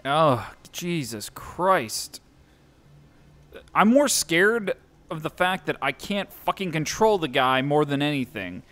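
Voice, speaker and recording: A man's voice: on the high side, big pitch swings, slow, fairly bright tone. A young man giving let's-play commentary on a horror game, jumpy and self-mocking, swearing often. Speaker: gameplay streamer.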